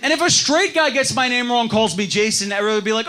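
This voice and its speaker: Animated young male stand-up comic. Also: very high voice, racing. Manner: animated, self-mocking storytelling. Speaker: stand-up comedian. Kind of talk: stand-up comedy set. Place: comedy club stage with laughing audience. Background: audience laughter.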